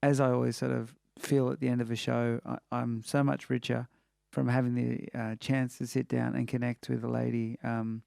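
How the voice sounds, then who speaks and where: A man's voice: medium pitch, level tone, normal speed, gravelly, warm tone, clear, resonant tone, no room sound, studio quality. A man hosting a casual interview show, chatty and full of "you know" fillers. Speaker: podcast host.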